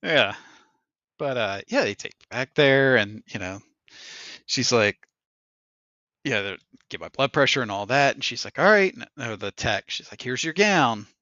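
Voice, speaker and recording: A man hosting a podcast in casual chat, telling an animated story and acting out what other people said, with laughs along the way. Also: medium pitch, normal speed, long pauses, dry recording, muffled recording. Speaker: podcast host.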